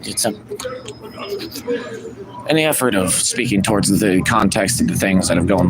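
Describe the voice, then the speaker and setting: A man's voice: lowish voice, normal speed, pauses often, heavy background noise. A man ranting and preaching self-improvement in a profane, rambling live stream monologue.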